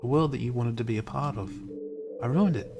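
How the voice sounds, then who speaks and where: A man voicing a heartbroken, obsessive teenage club president girl in a put-on British accent, pleading and halting in a live dramatic reading of a visual novel. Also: mid-range voice, over music, natural voice. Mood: despairing.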